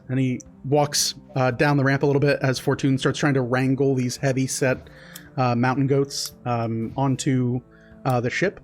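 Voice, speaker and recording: A man's voice: mid-range voice, flat delivery, normal speed, soft background music. A man narrating as game master, hesitant, with many fillers.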